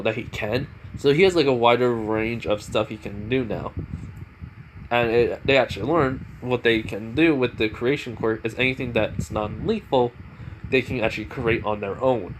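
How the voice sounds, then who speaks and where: A man's voice: mid-range voice, slight background noise, rough recording. Rambling young man telling a fan story. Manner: rambling, heavy on fillers and self-corrections. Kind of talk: unscripted fan story retelling.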